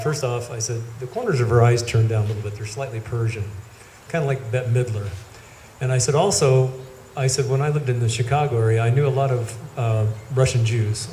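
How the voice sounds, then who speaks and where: At an outdoor gathering, a middle-aged man with a head cold gives a rambling, anecdotal eulogy, telling stories and correcting himself as he goes. His mid-range voice is mellow. The recording is echoey, with faint ambience and slight background noise.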